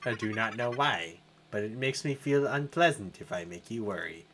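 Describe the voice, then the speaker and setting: Man voicing a stiff computer, low, quiet, formal, slow, game voice-acting. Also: slight background noise. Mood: solemn. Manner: slow, flat, formal diction. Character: calm formal male computer, earnest and stiff. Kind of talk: let's play voice acting.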